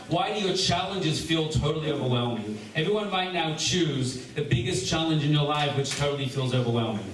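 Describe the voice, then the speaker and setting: A man, a rabbi leading a seder, teaching a live gathering in a joking, energetic way and addressing the crowd directly. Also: fairly high pitch. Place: large echoey room with a gathering. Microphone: distant room recording. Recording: echoey room recording from far off with background noise.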